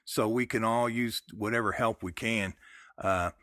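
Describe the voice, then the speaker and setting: Bright-voiced halting male radio host. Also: lowish voice, steady tone, dry recording, clean studio sound. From United States. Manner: halting, with many fillers and restarts. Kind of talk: casual phone interview and show sign-off.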